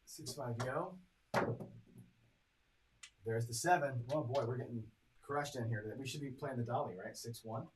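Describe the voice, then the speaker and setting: A man's voice: medium pitch, normal speed, long pauses, a little hiss or hum, low-quality recording. A man hosting a live craps stream, chatting casually as he calls each roll and totals up his bets for viewers. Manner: chatty, reads dice rolls and tallies bets aloud; talks to chat viewers directly. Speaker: craps strategy host.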